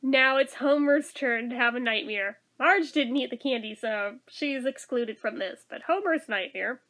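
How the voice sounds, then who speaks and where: Speaking unhurriedly in a high, slightly bright voice, a woman chats her way through a casual review of a TV episode. She laughs a lot and uses "like" constantly.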